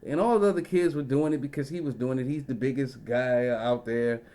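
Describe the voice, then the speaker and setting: A man's voice: mid-range voice, a little fast, dark tone. Profane, rambling man telling a story. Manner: profane, rambling with frequent fillers and asides. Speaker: vlogger. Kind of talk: casual storytelling rant.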